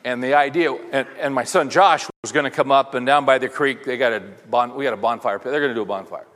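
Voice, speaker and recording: A man's voice: mid-range voice, fast talker, a bit bright. A middle-aged man speaking to a men's audience, telling rambling anecdotes in a conversational sermon and throwing rhetorical questions at the crowd. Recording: reverberant hall.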